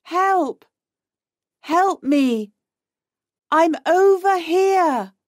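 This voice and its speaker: Scared, stubborn young woman, a woman reading her, slow, dry sound. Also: a little high, animated, darkish tone, no echo. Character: young woman, frightened but determined.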